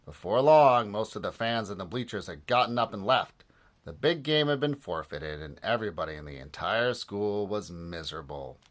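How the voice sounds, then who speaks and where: A man reading a children's book aloud in a playful, animated way and doing voices for the characters. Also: lowish voice, normal speed. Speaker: storybook reader.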